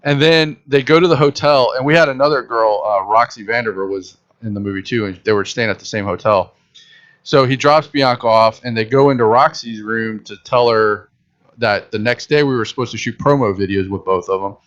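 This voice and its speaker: A brisk, medium-pitched man hosts a casual podcast chat, telling a story and animatedly acting out what people said. The lo-fi recording sounds dull.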